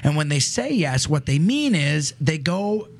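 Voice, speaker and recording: A man's voice: on the high side, big pitch swings, a little slow. A man hosting a radio talk show in casual studio chat, chatty and joking, often restarting his sentences.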